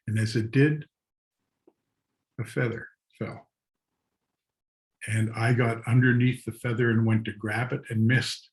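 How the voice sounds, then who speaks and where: Slow, reflective older man storyteller. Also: on the low side, rough recording. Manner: slow, reflective, with soft laughs. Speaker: guest artist and storyteller. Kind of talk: storytelling talk. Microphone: video call.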